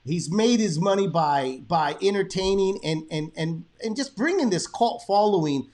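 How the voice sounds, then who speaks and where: A man in his thirties with a fairly high voice. He hosts a boxing show in a laid-back, chatty way, swearing freely as he tells stories. He slips into Spanish now and then. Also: expressive, moderate pace, a little mellow. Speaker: boxing podcast host. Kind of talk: casual chat.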